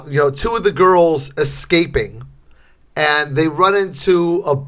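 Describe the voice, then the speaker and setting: A middle-aged man co-hosting a podcast, chatting casually and acting out scenes in loud, shouted bursts. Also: a little high, unhurried. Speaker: podcast co-host. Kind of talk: casual chat.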